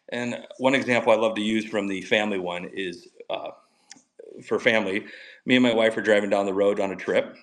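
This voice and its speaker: A man's voice: on the low side, fairly bright tone, poor audio. A middle-aged man, a mental skills coach, talking energetically on a podcast and acting out quoted dialogue. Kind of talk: enthusiastic podcast storytelling.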